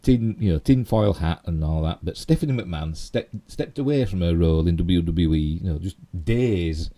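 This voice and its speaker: A middle-aged man with a Yorkshire accent chatting through a casual live stream, rambling with many fillers and asides, his voice a little hoarse. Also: sits low, animated, moderate pace, warm tone. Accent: Yorkshire English. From Yorkshire, England. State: slightly hoarse. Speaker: channel host.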